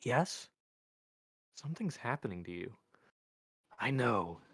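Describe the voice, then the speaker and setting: A man voicing an intense young man who speaks quietly and evenly with a cold edge, reading a story aloud. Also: mid-range voice, slow, husky, no echo, clean studio sound, pitched above the performer's own voice, heavily acted. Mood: anxious. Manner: quiet, even, menacing.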